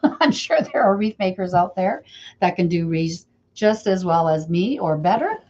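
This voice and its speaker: With a lowish, warm voice, lively intonation, and moderate pace, a middle-aged woman from Canada teaches wreath making on a casual live stream. She talks to viewers by name as she works, and the recording is slightly dull and lo-fi.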